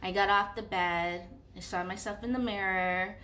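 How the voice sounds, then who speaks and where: A young woman tells a personal story in a casual, animated way, piling on fillers and voicing her own inner thoughts. Her tone is bright and forward, and a faint background hum sits under the recording. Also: medium pitch, normal speed. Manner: animated, with many fillers and acted-out inner dialogue. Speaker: vlogger.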